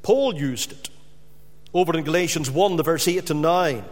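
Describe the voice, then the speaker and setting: A man preaching a sermon, emphatic and building to loud, repeated stresses, in a church or hall. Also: a little high, normal speed. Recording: long hall reverb.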